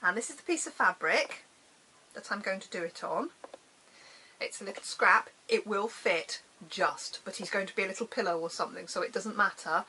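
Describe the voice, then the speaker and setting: A woman's voice: mid-range voice, normal speed, pushed and bright, a little hiss or hum, low-quality recording. A middle-aged woman from the UK chatting casually about her crafts, self-deprecating and prone to trailing off and restarting. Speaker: crafting vlogger. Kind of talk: casual chat showing crafts.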